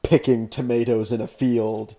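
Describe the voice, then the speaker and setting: A man riffing on a podcast, talking in loose, rambling chat that is packed with "like" and quick restarts. He laughs often and keeps building on his own ideas. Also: mid-range voice, little pitch movement, dark tone. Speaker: podcast co-host. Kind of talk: casual chat.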